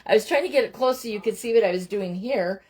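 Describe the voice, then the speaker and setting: Talking fast in a husky, somewhat mellow, medium-pitched voice, a woman crafts at home during her live stream. She keeps the chat casual with viewers, interrupting herself often to address her young children.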